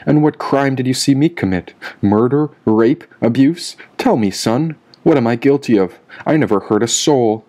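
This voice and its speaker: Man doing a calm, lecturing masked villain. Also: medium pitch, normal speed, few pauses, natural voice. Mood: smooth, lecturing. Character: cold persuasive male villain in a golden mask.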